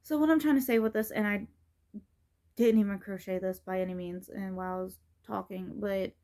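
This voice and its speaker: A woman's voice: mid-range voice, steady tone, a little fast, mellow. A middle-aged woman vlogging in a casual, rambling way, with many fillers and restarts. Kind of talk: casual rambling vlog talk.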